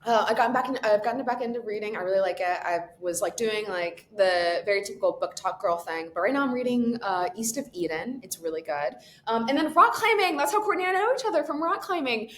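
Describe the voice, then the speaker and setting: A young woman guesting on a podcast, chatting in a bubbly, quick way, laughing often and saying "like" a lot. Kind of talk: casual chat. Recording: echoey room with faint rumble.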